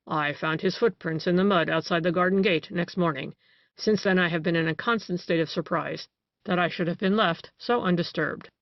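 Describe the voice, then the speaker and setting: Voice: medium pitch, normal speed, dry recording, natural voice. Reader voicing a boastful male detective-killer. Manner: boastful, relishing his tale. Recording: dry, dull lo-fi recording.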